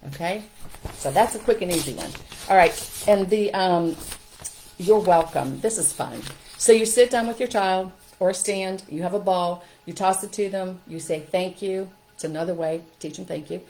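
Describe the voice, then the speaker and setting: A middle-aged woman talks straight to the camera, upbeat and practical, checking in with her listeners as she goes. Her voice sits a little on the low side. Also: normal speed, darkish tone, low-quality recording. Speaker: host. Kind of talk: casual how-to talk to camera.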